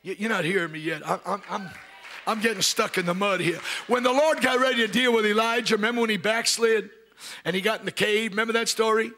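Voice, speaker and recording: A man preaching a sermon, swinging from loud shouts to hushed whispers and repeating himself in quick restarts. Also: high-pitched, slight background noise. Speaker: pastor. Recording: live from a church.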